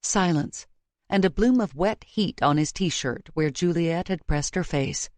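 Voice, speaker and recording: Woman narrating a romance, low voice. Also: lively intonation, a little mellow, dry recording. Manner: measured, emotive reading. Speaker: audiobook narrator. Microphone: close studio mic.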